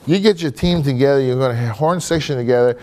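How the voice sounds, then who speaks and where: A man's voice: mid-range voice, fast, darkish tone. Loose, candid man on a panel. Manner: loose and candid, peppered with "you know" and "man". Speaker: guest trumpet player on a panel. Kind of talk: casual panel discussion. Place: conference room before an audience.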